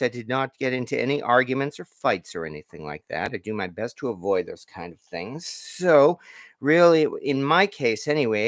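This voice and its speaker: A man's voice: medium pitch, no echo, studio quality. A man hosting a home cooking show, chatting casually while he cooks, rambling and self-deprecating with corny puns. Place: home kitchen.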